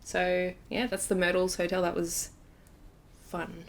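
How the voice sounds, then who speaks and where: A woman's voice: on the low side, monotone, a little slow, slight background noise. A woman hosting a podcast, chatting casually and telling a story with lots of fillers. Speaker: podcast host. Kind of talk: casual chat.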